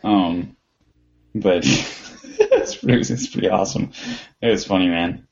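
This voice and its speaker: Dude rambling thru a story, lots of likes and ums, kinda husky, dull lo-fi sound. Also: male voice, low voice, unhurried. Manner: rambling storyteller, lots of fillers and restarts, animated when quoting friends. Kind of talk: casual chat.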